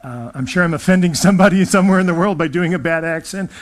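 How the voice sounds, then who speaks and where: Chatty, laughing man with a higher voice. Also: fast talker. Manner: chatty, laughing, self-deprecating. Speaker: channeler. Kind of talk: casual talk to an audience.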